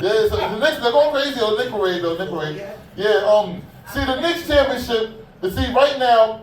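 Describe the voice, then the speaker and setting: A man with a high voice works a comedy club crowd, rambling through profane stories full of fillers and asides. He sounds distant from the mic, and the room rings with echo under a faint hum of ambience. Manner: loose, profane, conversational storytelling with lots of fillers. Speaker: stand-up comedian. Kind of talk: stand-up comedy set.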